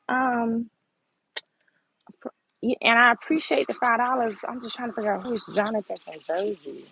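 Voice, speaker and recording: A woman's voice: mid-range voice, a little slow, pauses often, fairly bright tone, husky, no echo, poor audio. A young woman chatting bluntly and playfully on a phone livestream from her garden. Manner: sassy, blunt, laughs often. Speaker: livestream host. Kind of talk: casual livestream chat. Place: outdoors in a garden.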